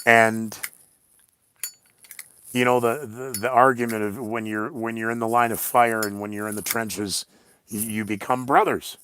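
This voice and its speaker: A man's voice: fairly low pitch, steady tone, a little slow, sharp tone, a little hiss or hum. A man hosting his own podcast, talking in a rambling, blunt monologue full of sarcastic asides. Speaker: podcast host.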